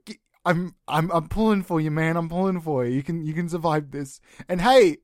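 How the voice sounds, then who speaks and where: A man improvising a comedy bit as a podcast host, melodramatic, swinging between hushed mumbling and high mock-crying. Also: moderate pace, dry recording, studio quality.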